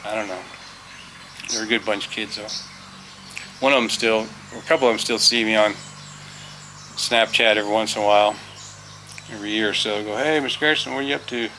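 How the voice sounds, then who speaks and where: A man's voice: lowish voice, little pitch movement, brisk, pauses often, background noise. A middle-aged man, a former teacher, telling a rambling, folksy story outdoors on a farm, full of fillers and restarts. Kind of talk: casual storytelling.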